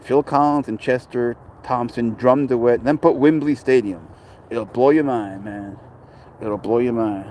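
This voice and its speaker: A man's voice: mid-range voice, a little mellow, slight background noise. Chatty New man outdoors. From New York. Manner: rambling, chatty, talks to passers-by and chat. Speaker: pet owner vlogger. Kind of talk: casual chat. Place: outdoors at a city dog park.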